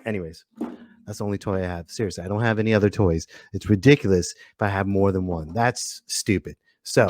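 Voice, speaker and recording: A man's voice: on the low side, very animated, quick pace, dry recording, studio quality. A man in his thirties hosting a podcast with a goofy, jokey, rambling delivery. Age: 30s. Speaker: podcast host. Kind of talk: casual comedic monologue.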